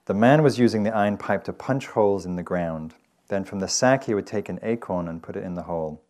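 A man from England giving a meditation dharma talk, telling stories in a gentle, conversational way. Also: fairly low pitch, a little fast. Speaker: meditation teacher. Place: meditation hall with audience.

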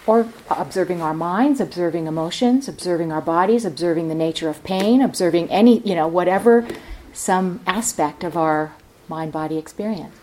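A woman's voice: lowish voice, darkish tone. A woman meditation teacher giving a reflective dharma talk at a retreat center, thinking aloud as she explains.

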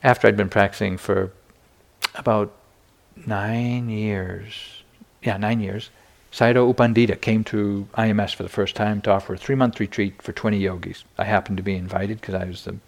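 A man's voice: lowish voice, fairly even intonation, moderate pace, creaky. An older man giving a meditation dharma talk, telling personal stories candidly with self-deprecating humor. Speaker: meditation teacher.

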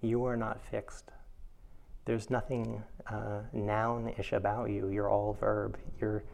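A man's voice: lowish voice, slow pace, creaky. A man giving a reflective dharma talk as a meditation teacher. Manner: reflective, animated when telling a funny story.

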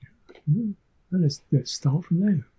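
An older man with an English accent, a Buddhist monk giving a gentle, reflective dharma talk, often repeating his phrases and laughing softly. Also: on the high side, takes it slowly, slightly rough. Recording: dull lo-fi recording.

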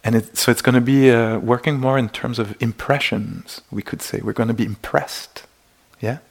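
Gravelly-voiced male meditation teacher. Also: medium pitch, steady tone, moderate pace. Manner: gentle, searching, many restarts and acted-out inner exclamations. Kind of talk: dharma talk. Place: meditation retreat hall.

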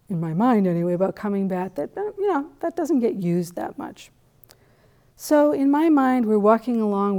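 Middle-aged lady from new england giving a dharma talk, relaxed warm tone, lots of little asides. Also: medium pitch. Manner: conversational, animated storytelling with laughs and asides. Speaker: meditation teacher. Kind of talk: dharma talk, personal story.

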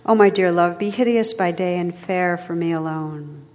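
A devoted, humble young knight, read aloud by a woman in a soft, earnest way. The voice sits a little low. A long reverb lingers behind the words. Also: normal speed, lightly acted. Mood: ardent.

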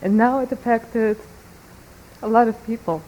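Quiet, halting woman holding back tears. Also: fairly high pitch, steady tone, rough recording. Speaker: student.

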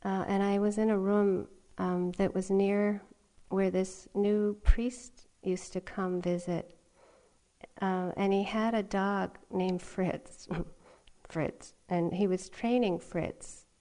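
A middle-aged woman giving a dharma talk as a meditation teacher, gentle and often laughing softly as she tells stories. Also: mid-range voice, little pitch movement, slow. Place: retreat meditation hall.

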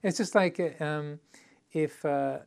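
Man giving a relaxed Dharma talk. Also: on the high side, slow pace, creaky, clean tone. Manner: conversational, playful, laughs often; acts out little quoted voices. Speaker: meditation teacher.

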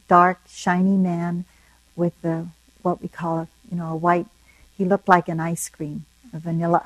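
An older woman and meditation teacher, telling a personal story in a dharma talk in a soft-spoken, reflective, unhurried way. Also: on the low side, no room sound, rough recording.

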